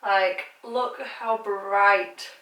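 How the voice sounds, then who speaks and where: A woman's voice: medium pitch, fairly even intonation, drawn-out words, bright, forceful tone. A British woman vlogging casually about makeup, chatty and gushing, with lots of filler words. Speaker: beauty vlogger. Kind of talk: casual makeup swatching chat. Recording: echoey room, mic at a distance.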